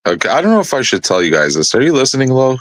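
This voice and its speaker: A man's voice: medium pitch, sing-song, rapid-fire, a bit bright, no room sound. Profane, rambling storyteller man, dry mic. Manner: rambling, profane anecdote telling. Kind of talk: casual storytelling on a live panel.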